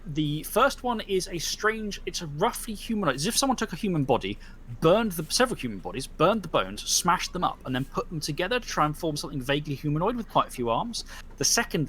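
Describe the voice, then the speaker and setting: A man's voice: a little high, a bit bright, slight background noise. A man narrating as game master in a tabletop game, describing scenes with many fillers and restarts.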